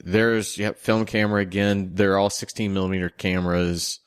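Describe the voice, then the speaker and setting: A man's voice: low voice, fairly even intonation, normal speed, clear, resonant tone, no echo, studio quality. A man co-hosting a podcast in casual chat, picking apart film details as he thinks aloud. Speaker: podcast co-host.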